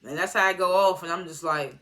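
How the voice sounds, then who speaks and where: A man's voice: high-pitched, brisk, sharp tone. A man giving a casual, rambling, slangy recap of a TV episode as a reviewer. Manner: rambling slangy retelling with acted-out quotes. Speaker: TV show reviewer.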